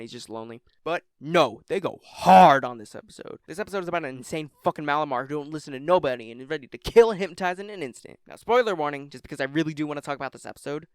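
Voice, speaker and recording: A young man talks through a casual countdown of episodes, rambling and swearing with jokey asides. His voice sits a little high and moves a lot. It is close and dry, with no room sound. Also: no room sound. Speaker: YouTube list host.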